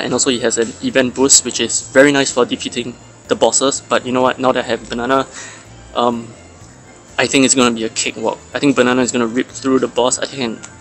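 A man's voice: medium pitch, fairly bright tone. A man hosting a mobile game channel, chatting casually and analytically about characters and stats, with fillers and restarts.

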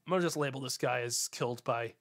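A man with a medium-pitched, fairly bright voice talks fast while streaming a mystery game. He thinks out loud in a casual way and chats with his viewers as he puzzles things out, in the style of relaxed live-stream gaming commentary.

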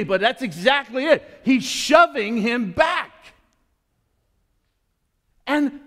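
A male pastor preaching a sermon in a church, asking the congregation questions and acting out the people in the story. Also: very high-pitched. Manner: animated, acts out voices of people in the story.

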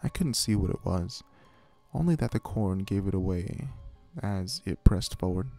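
A man giving a scripted horror story narration in a measured, hushed way. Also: sits low, expressive, vocal fry, faint music behind.

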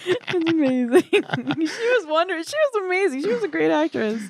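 Giggly woman co-host, lively voice. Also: very high voice, dry recording. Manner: giggly, teasing, quick retorts. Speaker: podcast co-host. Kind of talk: casual chat. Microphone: studio mic.

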